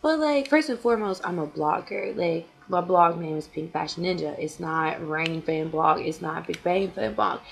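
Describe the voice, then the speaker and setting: A young woman vlogging casually to camera as a fan blogger, chatty and full of fillers, with quick laughs. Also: lowish voice, gravelly.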